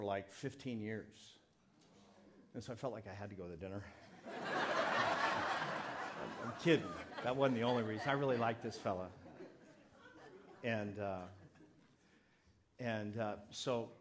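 A pastor in his fifties preaching a sermon in a loose, storytelling way, with rambling asides and self-deprecating humor. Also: fairly low pitch.

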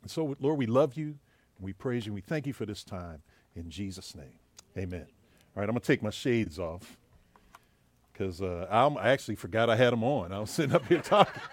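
A man's voice: on the low side, expressive, fairly quick, dry recording. A man preaching as a pastor, telling a joke story in a casual storytelling way before moving into the sermon. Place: church.

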